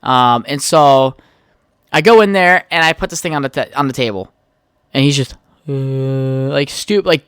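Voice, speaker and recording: A man's voice: mid-range voice, measured pace, a bit bright, smooth, no echo, clean studio sound. A young man hosting his own podcast, telling a heated, profane story in a casual rant. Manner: profane, heated storytelling, trails off while texting. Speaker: podcast host.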